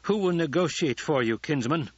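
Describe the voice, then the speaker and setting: A man voicing a proud, furious aging emperor who barks and shouts his lines. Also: fairly high pitch, lively intonation, moderate pace, breathy edge, no echo, dull audio, voice pushed up. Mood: stiffly dignified. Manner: barking, shouting, sneering.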